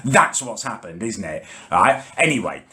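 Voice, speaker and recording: A man with a somewhat low voice rants to camera in a comic vlog. He sounds exasperated and indignant and swears freely. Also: sing-song, normal speed, sharp tone. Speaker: comedy vlogger.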